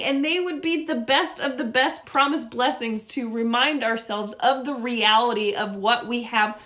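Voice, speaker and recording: A woman's voice: fairly high pitch, a bit bright. A woman hosting a devotional scripture study. She talks in an earnest, reflective way and repeats words for emphasis.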